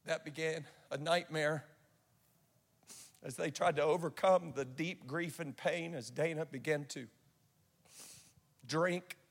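Gravelly earnest preacher in an echoey hall. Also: male voice, on the high side, fairly even intonation, takes it slowly, long pauses. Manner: earnest, stammering restarts. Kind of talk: sermon with personal storytelling. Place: church sanctuary.

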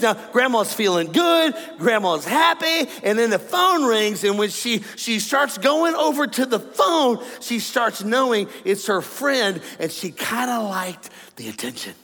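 A man with a high, light voice delivers a sermon, playful and animated as he jokes with his congregation. His voice rings out with a long hall reverb in a large church auditorium, with a faint background hum. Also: normal speed, gravelly, hardly any pauses. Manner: animated, joking, laughing with congregation. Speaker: pastor.

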